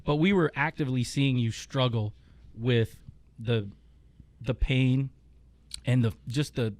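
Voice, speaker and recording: A man's voice: mid-range voice, a little slow, darkish tone, dry recording. A man hosting a casual chat, telling a long story with swearing and laughter. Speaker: podcast host.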